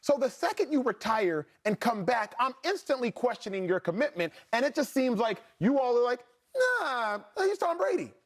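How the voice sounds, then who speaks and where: A man with a high-set voice hosts a sports debate show. He leans into his argument, pressing the panel and building his case line by line. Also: expressive, fairly quick, hardly any pauses. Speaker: host.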